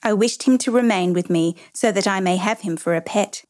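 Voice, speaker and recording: A woman narrating a children's story in a measured, gently expressive reading. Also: medium pitch.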